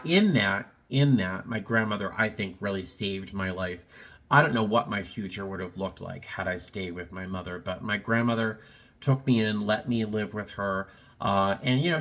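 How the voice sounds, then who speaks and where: A man's voice: fairly low pitch, a bit bright. A middle-aged man in a casual personal vlog, talking in a reflective, rambling way with many fillers and restarts, a little choked up. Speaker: vlogger.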